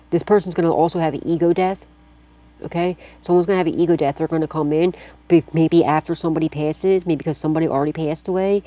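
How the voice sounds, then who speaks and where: A woman's voice: low-pitched, dark tone. A woman giving a casual psychic tarot reading, talking straight to the listener in a blunt, slangy way and swearing freely while reassuring them. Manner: reassuring, addresses the listener directly.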